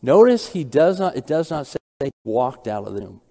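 A man's voice: mid-range voice, big pitch swings, normal speed, gravelly, warm tone, long reverb tail. A man preaching an expository sermon, walking through scripture and asking the listeners rhetorical questions. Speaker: pastor.

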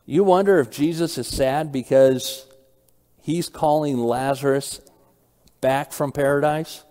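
A man's voice: mid-range voice, takes it slowly, a little mellow, in a large hall. A man preaching a Bible study sermon. He asks his listeners questions, repeats key phrases and reads verses aloud.

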